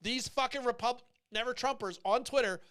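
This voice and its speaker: A man with a high, bright, clean voice rants about politics, swearing freely and meaning to provoke. He drifts off on tangents and pulls himself back with a shrug. His delivery is blunt and unapologetic. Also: moderate pace, smooth. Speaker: podcast host. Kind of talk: profane political rant.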